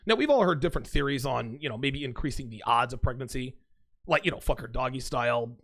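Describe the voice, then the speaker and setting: A man's voice: medium pitch, lively intonation, fast, gravelly, a bit bright. A man hosting a solo talk show, speaking bluntly and profanely as he reads text messages aloud. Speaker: host. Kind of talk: monologue to camera.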